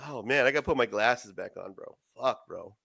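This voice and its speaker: A man's voice: mid-range voice, animated, a little fast, vocal fry, fairly bright tone, no echo. Laughing, crude-talking man hosting a livestream. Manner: crude, laughing, swears a lot. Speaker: livestream host. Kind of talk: casual late-night livestream chat.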